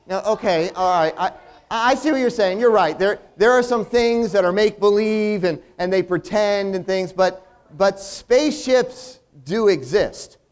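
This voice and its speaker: Playing the earnest straight man in a comedy routine, a performer patiently explains things at a measured pace, stammering and restarting as he goes. His voice sits at medium pitch.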